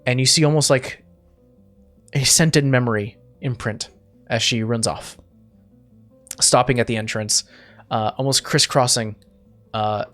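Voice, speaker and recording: A man's voice: mid-range voice, fairly even intonation, unhurried, pauses often, a bit bright, faint music behind. A man narrating a tabletop game as game master, describing scenes in a rambling way with many fillers and restarts.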